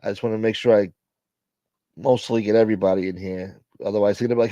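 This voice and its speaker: A man hosting a casual livestream, thanking donors and shouting out viewers by name in a profane, joking way. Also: lowish voice, brisk, no echo, muffled recording. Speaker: livestream host. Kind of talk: casual live chat reading donations.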